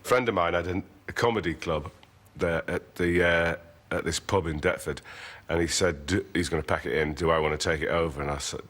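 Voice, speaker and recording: A man's voice: low voice, a little fast, fairly bright tone. A man, a comedian telling dry, rambling anecdotes in a casual interview and chuckling at his own stories. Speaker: comedian guest.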